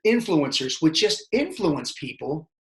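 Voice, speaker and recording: A man's voice: on the high side, unhurried. A middle-aged man, telling rambling, profane stories as a podcast guest. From Baltimore, Maryland. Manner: profane, rambling, animated storytelling. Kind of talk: casual storytelling interview.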